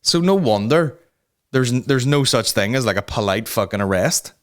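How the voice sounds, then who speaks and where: A man's voice: mid-range voice, animated, moderate pace. A man hosting a comedy podcast, ranting heatedly with lots of swearing and restarts. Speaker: podcast host.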